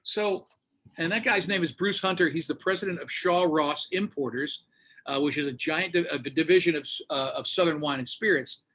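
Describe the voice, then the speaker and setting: Animated storytelling radio host. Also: male voice, a little high, moderate pace. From United States. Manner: animated, acts out quoted voices. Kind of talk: casual storytelling. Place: Florida.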